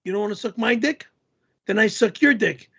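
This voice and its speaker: A man voicing a loud, crude storyteller character who yells all the time, in a raspy, strained voice. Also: sits high, normal speed, lo-fi sound, heavily acted. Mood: yelling. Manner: yelling, crude and rambling. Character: loud, always-yelling male storyteller character.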